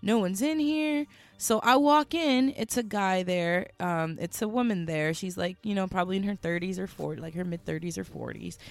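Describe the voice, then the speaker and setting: A young adult woman casually telling a story, animated and slangy, with lots of fillers. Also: fairly low pitch, moderate pace, creaky.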